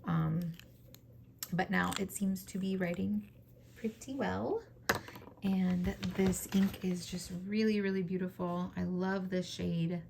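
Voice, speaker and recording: Woman, low, gravelly and hoarse, chatty and enthusiastic, faint hiss behind. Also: steady tone, slow pace. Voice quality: scratchy, hoarse voice. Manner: chatty, enthusiastic, many fillers. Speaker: fountain pen vlogger. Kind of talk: casual show-and-tell.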